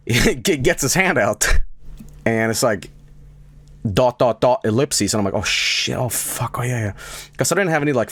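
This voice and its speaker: A young man's loose, profane commentary as he talks over his own travel footage. His pitch leaps around with every punchline and aside, and he often laughs at his own stories. The sound is dry and close, with no room around it. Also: no echo. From from outside America. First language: Swedish. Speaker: streamer giving video commentary.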